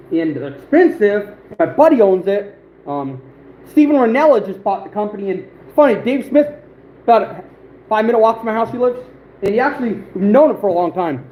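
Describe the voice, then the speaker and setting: A man with a high-pitched voice and darkish tone hosts an outdoors livestream, chatting and rambling casually to viewers with many fillers. The recording has a roomy echo and faint background noise.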